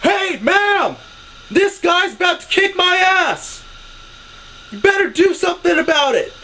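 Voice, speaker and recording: A man imitating his obnoxious young friend yelling at strangers in a slow, drawn-out bellow. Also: very high-pitched, very animated, voice pushed up, heavily acted, rough recording.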